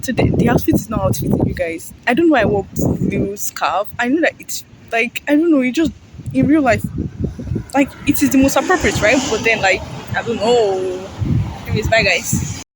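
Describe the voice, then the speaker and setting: A young woman chats into her phone on a busy street, rambling from one thought to the next and laughing often. Her voice sits high, and loud traffic roars behind her. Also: animated, moderate pace. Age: young adult. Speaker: vlogger. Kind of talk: casual vlog talk to camera. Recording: loud traffic noise outdoors.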